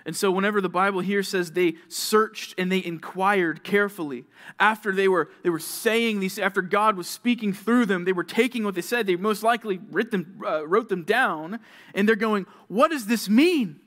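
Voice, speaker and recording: A young man with a fairly high voice preaches to a junior high group. He tells stories and acts out little scenes as he goes, jumping from loud calls to near whispers. The style is a lively youth sermon. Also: moderate pace. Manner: animated storytelling, acting out little scenes with swings from loud to hushed. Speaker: youth pastor.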